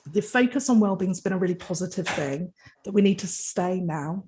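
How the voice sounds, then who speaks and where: Animated and a little quick, this British chief executive of a health trust takes a panel question with earnest fluency, restarting sentences often. Her voice is lowish and a little mellow.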